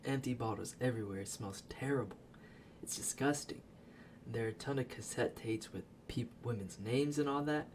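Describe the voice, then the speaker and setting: Profane, animated man recapping a movie. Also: on the low side, a little hiss or hum. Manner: profane, animated storytelling with laughs. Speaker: video creator. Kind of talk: casual movie recap voice-over.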